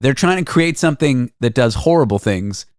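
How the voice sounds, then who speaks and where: A man hosting a podcast, telling stories in an animated, self-deprecating way. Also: mid-range voice, moderate pace, no echo, clean studio sound. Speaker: podcast host. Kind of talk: casual chat.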